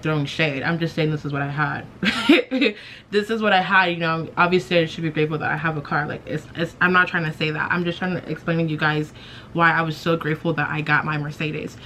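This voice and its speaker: A woman's voice: deep voice, steady tone, brisk, sharp tone, a little hiss or hum. A young woman vlogger telling a personal story to camera in a chatty, self-mocking way, full of "like". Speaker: beauty vlogger.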